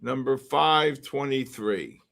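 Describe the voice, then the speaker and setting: A man hosting a live stream, calling out giveaway numbers and names in a casual, drawn-out way with quick asides. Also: mid-range voice, vocal fry, a bit bright, slight background noise. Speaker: livestream host calling giveaway winners.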